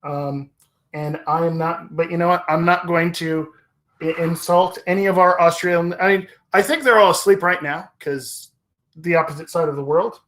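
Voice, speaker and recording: A man hosting a livestream in casual chat, rambling and hesitant, with many pauses and self-corrections. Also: fairly high pitch, a bit bright. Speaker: livestream host.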